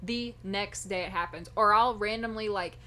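A young woman co-hosting a casual podcast, playful and quick to laugh. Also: medium pitch, sharp tone. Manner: giggly, playful, laughs often. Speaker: podcast co-host. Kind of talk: casual chat.

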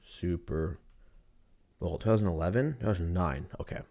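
A young man with a lowish voice rambles through a casual solo chat. He swears freely and wanders from point to point in a loose, conversational way. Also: moderate pace, creaky, dark tone.

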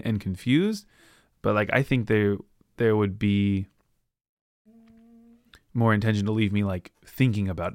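Male podcast host, low voice, dry close sound, loose rambling book chat. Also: dry recording. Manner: rambling, acts out characters with quick voices. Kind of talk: casual book recap monologue.

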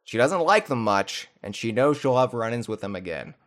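A male podcast host talking casually and jokily. He rambles and restarts himself often. His voice sits mid-range, and his pitch swings widely. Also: sing-song, normal speed. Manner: rambling, joking, with filler restarts. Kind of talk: casual chat.

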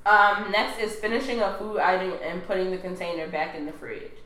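A woman's voice: mid-range voice, a little fast, a bit bright. A young woman co-hosting a casual chat, reading out list items and laughing often. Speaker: podcast co-host. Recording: echoey room.

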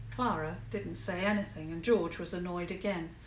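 Woman reading kids' bedtime story, calm, roomy room, a bit far from mic. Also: on the low side, moderate pace, hardly any pauses, slight background noise. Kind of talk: children's story narration.

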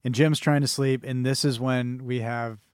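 A man's voice: mid-range voice, steady tone, normal speed, clear, resonant tone, dry recording, clean studio sound. A man co-hosting a casual film podcast, talking in rambling bursts with many restarts. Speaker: podcast co-host.

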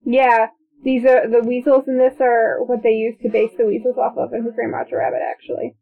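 Speaking quickly with a flat delivery and some vocal fry, this fairly high-pitched woman is a podcast co-host watching a movie. She chats casually and is eager to share trivia, clearly enthusiastic about it. Audio is narrow and phone-like.

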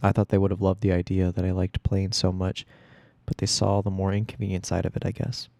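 A man reading a first-person story aloud in a steady storytelling voice. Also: low-pitched, brisk, gravelly, dry recording. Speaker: audiobook reader.

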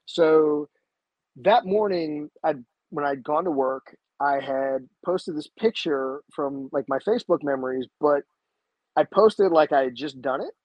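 A man telling a story as a podcast guest in a casual, animated way, acting out the voices he quotes. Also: measured pace, dry recording. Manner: animated, acts out quoted voices with big pitch jumps. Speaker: podcast guest, jiu-jitsu black belt. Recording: slightly dull, dry sound.

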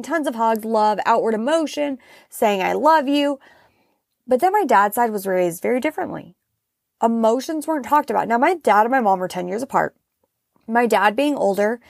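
A woman's voice: on the high side, vocal fry, no echo, studio quality. A woman in her thirties hosting her own podcast, talking frankly and casually, with the odd swear word. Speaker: podcast host. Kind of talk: casual solo podcast talk.

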